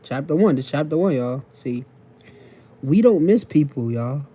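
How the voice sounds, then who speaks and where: A man lectures his live-stream viewers from his phone, repeating each point and asking if they follow. His talk is loose and slangy. The voice sits a little high but sounds very dark and mellow. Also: animated, a little slow, husky. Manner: repetitive, preachy, keeps checking in with the audience; casual slang and profanity. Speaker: TikTok live host.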